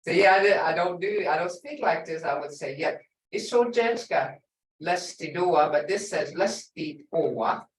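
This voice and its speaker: A woman's voice: fairly low pitch, lively intonation, measured pace, slight background noise. An older woman teaching a language lesson, stretching out example words for emphasis. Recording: echoey room, voice far from mic.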